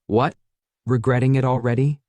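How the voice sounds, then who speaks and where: A man's voice: mid-range voice, little pitch movement, normal speed, no room sound, natural voice. A man voicing an arrogant, venomous young woman who speaks with scorn. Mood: scornful, furious. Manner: scornful, shouting.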